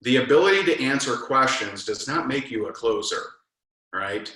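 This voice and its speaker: Animated man coaching with a bright voice. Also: mid-range voice, moderate pace, echoey room, rough recording. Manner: animated storyteller, acts out both sides of conversations. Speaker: network marketing trainer. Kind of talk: casual coaching talk.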